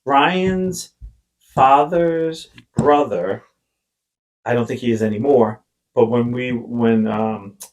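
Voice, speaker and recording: A man's voice: medium pitch, slow pace, a little mellow. A man hosting a podcast, chatting casually and rambling through stories, breaking off and restarting his sentences. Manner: rambling storyteller who acts out quoted voices. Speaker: podcast host. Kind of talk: casual chat.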